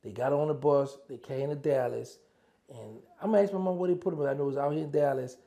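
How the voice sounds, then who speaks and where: A former prisoner tells the story of his years inside in a loose, casual way, acting out old phone calls as dialogue and switching voices. His gravelly, rough-edged voice is mellow and mid-pitched, and he talks fast.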